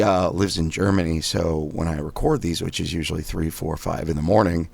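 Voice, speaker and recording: A man hosting a guided voice exercise lesson, calmly counting through repetitions between loud, sharp drill sounds. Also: low-pitched, normal speed, creaky, breathy edge, dry recording. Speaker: host leading daily voice exercises.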